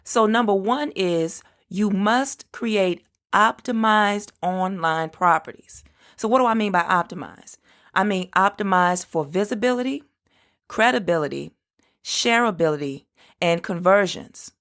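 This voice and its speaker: A woman hosting her own business podcast, explaining things step by step and spelling out web addresses slowly. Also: medium pitch, a bit bright. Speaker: podcast host. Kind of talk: solo business podcast talk.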